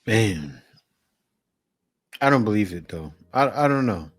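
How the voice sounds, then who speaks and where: A man's voice: fairly low pitch, animated, takes it slowly. A man hosting a reaction video, giving casual, skeptical commentary on clips and laughing along.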